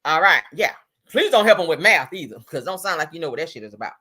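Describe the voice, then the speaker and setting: A woman's voice: sits low, big pitch swings, fast, bright, forceful tone, breathy edge. A woman hosting a gossip livestream, commenting casually in a sassy, mocking, profane way.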